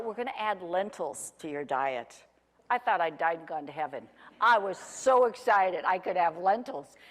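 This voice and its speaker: A woman's voice: mid-range voice, long reverb tail. A woman in her forties, a former chef, telling her own story in a chatty, rambling way with self-deprecating humor. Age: 40s. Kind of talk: casual recounted personal story.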